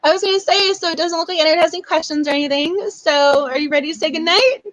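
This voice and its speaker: A woman's voice: very high-pitched, fast talker, a bit bright, dry recording, poor audio. A young woman hosting a book club livestream, chatting in a gushing, effusive way. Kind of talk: casual livestream chat.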